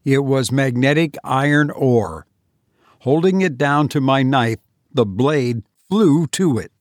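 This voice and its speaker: A man reading an audiobook aloud in a measured, deliberate way. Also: mid-range voice, lively intonation, no room sound, clean studio sound. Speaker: narrator. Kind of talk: audiobook narration.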